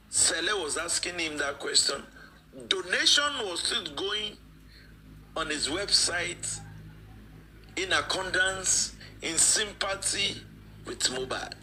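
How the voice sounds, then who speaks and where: A man's voice: sits high, very animated, takes it slowly, bright, forceful tone, slight background noise, rough recording. A man, speaking as a guest in a live-stream discussion, emphatic and repeating phrases for stress.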